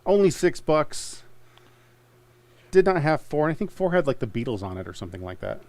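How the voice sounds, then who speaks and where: A man's voice: on the high side, big pitch swings, fairly quick, a little mellow, no echo. A young man hosting a live comic book sale stream, chatting casually and joking a lot. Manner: jokey, rambling, laughs often. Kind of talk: casual sales chat.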